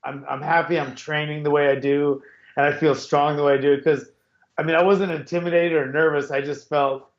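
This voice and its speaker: A middle-aged man hosting a podcast over a video call, telling a rambling story full of restarts. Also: on the high side. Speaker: podcast host. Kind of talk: casual chat. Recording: echoey, dull call audio.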